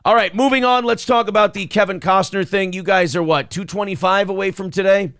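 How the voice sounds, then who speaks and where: A man's voice: high-pitched, brisk, few pauses, a bit bright, no room sound, clean studio sound. A man co-hosting a casual morning live stream, reading viewer messages aloud and trash-talking rivals with brash, boastful swagger. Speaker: co-host of a morning show.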